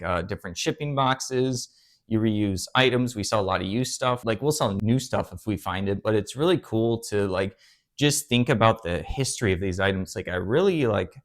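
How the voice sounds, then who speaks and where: Young male vlogger, low-pitched, earnest, meandering casual talk. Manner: rambling, earnest, many fillers and restarts. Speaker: eBay reseller, channel host. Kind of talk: casual talk to camera while drawing on a board.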